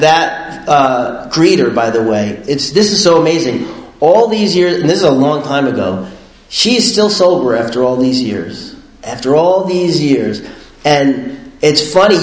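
A man casually telling his personal recovery story, rambling and animated, full of fillers and laughing often. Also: fairly high pitch, reverberant, low-quality recording.

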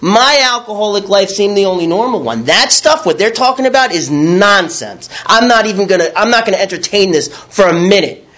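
Male speaker with a high voice giving a frank, animated recovery testimony. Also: brisk. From New York. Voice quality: raw, blunt storytelling with crude words. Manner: animated, acts out his own past thoughts. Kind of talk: candid personal testimony.

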